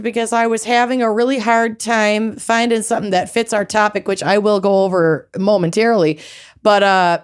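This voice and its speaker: A woman co-hosting a chatty true crime podcast, bubbly and casual, stretching words for emphasis. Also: medium pitch. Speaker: podcast co-host. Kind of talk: casual chat.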